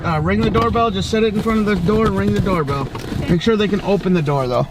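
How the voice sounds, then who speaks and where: A man's voice: high-pitched, fast. A man casually telling the kids how to deliver the holiday meals. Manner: casual, instructive. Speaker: family member directing the food deliveries. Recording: noisy outdoor home video.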